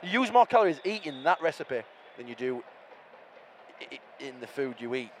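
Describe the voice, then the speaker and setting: A man co-hosting a football podcast, talking in an animated, playful and mocking way outdoors at a match. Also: mid-range voice, moderate pace, a little hiss or hum. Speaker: podcast co-host. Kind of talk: casual football podcast chat.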